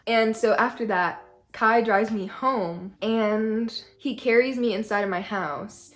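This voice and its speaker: A woman's voice: fairly high pitch, takes it slowly. A young woman vlogger telling a personal story in a casual, chatty way, full of "like". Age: young adult. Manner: chatty, peppered with "like".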